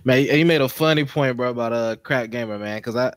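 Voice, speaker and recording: A man's voice: medium pitch, quick pace, no echo. A man joining a casual podcast as a guest, speaking earnestly and full of slang. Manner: slangy and earnest, often saying "bro".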